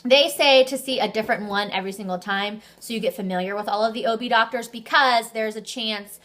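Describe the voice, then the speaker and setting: A young adult woman vlogging in a casual, chatty way, telling her story with animated energy and the odd swear word. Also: a little high, a little fast. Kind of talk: casual chat.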